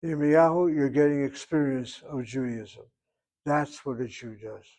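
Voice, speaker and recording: A man's voice: mid-range voice, measured pace, darkish tone. An older man teaching a Hebrew grammar class, thinking aloud and reasoning back and forth as he explains.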